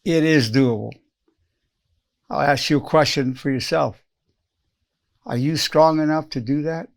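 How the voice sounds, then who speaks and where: A man's voice: fairly high pitch, a little slow, vocal fry. A man in his eighties, a psychologist giving an earnest spoken self-help lesson, repeating lines for emphasis and acting out quoted phrases. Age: 80s.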